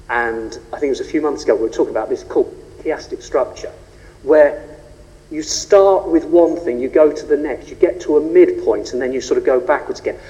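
A man preaching a sermon, rhetorical and animated, rising and falling for emphasis. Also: muffled recording. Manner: animated, rhetorical, shifts pitch and pace for emphasis. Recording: long reverb of a large hall.

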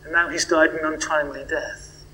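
Reflective male preacher, slightly high voice. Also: steady tone, normal speed, rough recording. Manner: reflective, with swells of emphasis and hushed questions. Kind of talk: sermon.

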